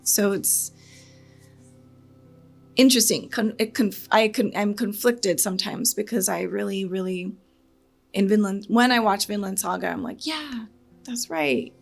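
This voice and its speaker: A woman's voice: medium pitch, steady tone, normal speed, vocal fry, long pauses, soft background music. A woman hosting a reaction channel. She talks in a casual, earnest, rambling way, with nervous laughs when she gets upset.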